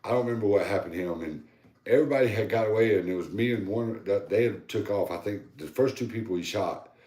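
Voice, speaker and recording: A man with a very deep, low voice tells a long, rambling story in easy, casual talk, animated and salty. The sound carries an echo, as if he were in a bare room. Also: fast. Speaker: podcast co-host. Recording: echoey room.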